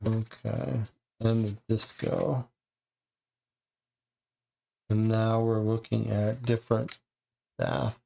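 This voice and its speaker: Male streamer, gravelly and slow; casual, halting let's-play commentary. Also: on the low side, level tone, mellow. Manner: thinking aloud, hesitant, halting. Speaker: streamer playing a mystery game.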